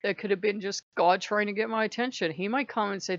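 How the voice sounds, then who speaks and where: Chatty woman vlogger, gravelly voice, laughs a lot, dull lo-fi dry sound. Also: mid-range voice, a little fast, dry recording. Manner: chatty, laughing, animated storytelling. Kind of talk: casual chat.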